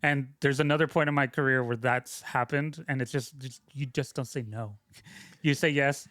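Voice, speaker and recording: A man's voice: medium pitch, fairly even intonation, normal speed, a bit bright, no room sound. Rambling male guest, dry close sound. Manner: loose, rambling, lots of fillers and restarts. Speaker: guest, film sound mixer. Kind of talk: casual interview storytelling.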